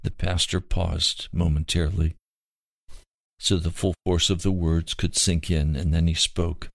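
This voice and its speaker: A man reads a Christian story aloud in an earnest, unhurried way. His voice is low and gravelly, and he takes his time over each phrase. The recording is close and dry. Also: level tone, no echo. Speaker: narrator. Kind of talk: scripted narration of a Christian story.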